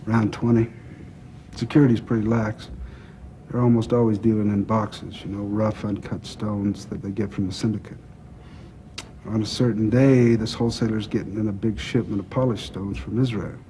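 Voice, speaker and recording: An actor playing a gruff older male crime boss who talks bluntly, with profanity and dry teasing. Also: lowish voice, fairly even intonation, normal speed, warm tone, slight background noise, lightly acted. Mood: businesslike. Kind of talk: film drama acting.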